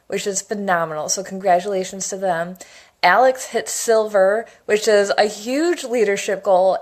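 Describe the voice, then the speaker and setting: A woman's voice: lowish voice, darkish tone. Chatty enthusiastic woman telling stories. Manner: chatty and enthusiastic, rambling storytelling. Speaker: essential oils educator. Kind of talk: casual monologue.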